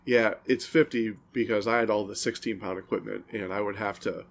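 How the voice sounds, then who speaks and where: A man's voice: lowish voice, fairly even intonation, brisk, vocal fry, slight background noise. A man co-hosting a podcast, telling long, rambling stories and laughing at them in casual chat. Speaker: podcast co-host.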